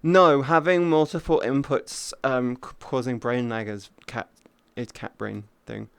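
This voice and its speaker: Male VR streamer, swears and jokes with his chat, unhurried delivery with a smooth, clear tone. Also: medium pitch, fairly even intonation, no room sound. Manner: crude, profane, joking banter; greets and thanks chat viewers. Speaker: VR livestreamer. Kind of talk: casual livestream chat.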